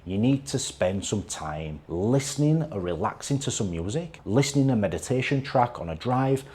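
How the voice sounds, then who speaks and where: Earnest low-voiced male motivational coach. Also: animated, moderate pace, mellow. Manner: earnest, repetitive motivational delivery. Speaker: fitness and life coach. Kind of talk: motivational talking-to-camera vlog.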